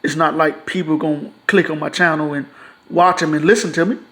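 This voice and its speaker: A man's voice: on the high side, steady tone, brisk, a bit bright. Frustrated man ranting to camera. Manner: frustrated, profane, repetitive. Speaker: YouTuber. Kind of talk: casual ranting monologue.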